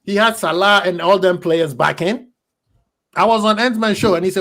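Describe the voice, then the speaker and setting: A man's voice: sits high, moderate pace, a bit bright. A man hosting a heated fan debate on football, blunt and emphatic, hammering his points home. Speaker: football podcast host.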